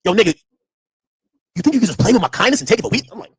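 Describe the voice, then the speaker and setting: A man's voice: high voice, racing, slight background noise. A man streaming casual commentary, telling a story in a loose, profane way and acting out the people in it. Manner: animated, profane, acts out quotes.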